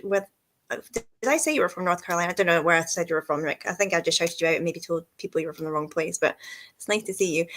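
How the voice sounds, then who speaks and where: Bubbly woman hosting with a gravelly edge. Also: medium pitch, a bit bright. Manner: bubbly, quick, self-deprecating, laughs a lot. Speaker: host. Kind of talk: casual livestream interview.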